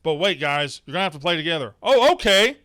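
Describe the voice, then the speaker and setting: Bright, animated man co-hosting a movie podcast. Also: fairly high pitch, rapid-fire, clean tone, no echo, studio quality. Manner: animated, acts out film lines in loud mimicry. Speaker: podcast co-host. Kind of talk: casual film review chat. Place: studio.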